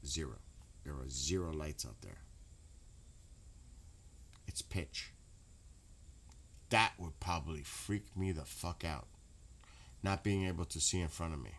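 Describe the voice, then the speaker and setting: Deep-voiced New man chatting casually. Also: unhurried, pauses often. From New York. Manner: rambling, profane, laughs loudly. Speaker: streamer. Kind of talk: casual late-night stream chat.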